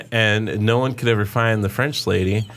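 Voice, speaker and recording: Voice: mid-range voice, steady tone, measured pace, a bit bright. A podcast co-host telling a story in a loose, laid-back way, with laughs and filler words. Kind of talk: casual storytelling.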